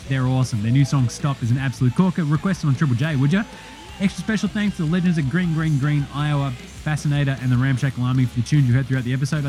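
A man's voice: fairly high pitch, darkish tone. Aussie podcast guy, chill and sweary, bit of music under it. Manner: laid-back, sweary, slangy. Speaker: podcast host. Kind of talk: casual podcast sign-off.

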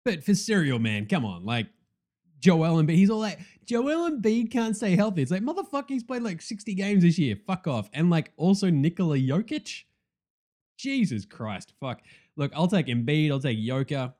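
A young man hosting a casual sports podcast, excitable and profane, joking and swinging between loud outbursts and quieter asides. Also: a little high, normal speed. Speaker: podcast host.

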